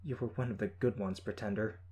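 A man's voice: on the low side, fairly even intonation, brisk, darkish tone, breathy edge. A man voicing a firm, commanding female team leader. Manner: firm, tight.

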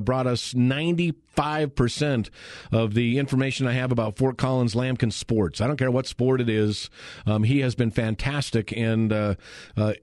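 Male studio host, easygoing sports chat, middle pitch, dry close mic. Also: no echo. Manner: chatty, folksy, filler-heavy. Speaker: radio sports show host. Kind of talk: live radio sports talk. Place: radio studio.

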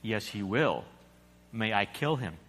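A preacher voicing a stern, calm male angel in a low, hushed voice. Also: takes it slowly, husky, full character voice. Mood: insistent. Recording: echoey hall.

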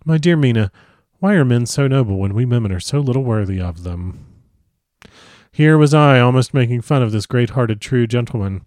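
Man gently reading a classic novel. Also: mid-range voice, fairly quick, no room sound, studio quality. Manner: gentle, expressive storytelling. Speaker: audiobook reader.

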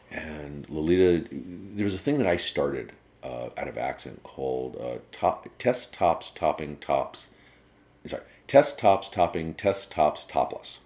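Man, very deep voice, casual interview guest, rambling, profane, storytelling. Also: darkish tone. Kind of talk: casual conversation.

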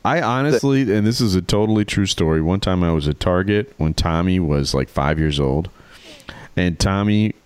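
A man's voice: deep voice, animated, moderate pace, a little mellow, clean tone, no room sound. A middle-aged man co-hosting a podcast, telling stories casually with wry, dry humor. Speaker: podcast co-host. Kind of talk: casual chat.

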